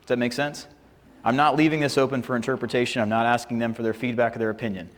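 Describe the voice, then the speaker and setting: A man's voice: mid-range voice, little pitch movement, fast talker. A man teaching a negotiation seminar in a casual, joking way, often checking in with "right?". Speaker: sales and negotiation trainer. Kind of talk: live seminar presentation with slides. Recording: long hall reverb.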